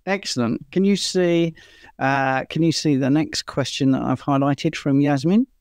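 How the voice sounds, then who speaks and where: A man's voice: a little high, measured pace, darkish tone, smooth, no echo, clean studio sound. A man, a doctor answering viewer questions in a casual chat, explaining things in a chatty way and laughing easily.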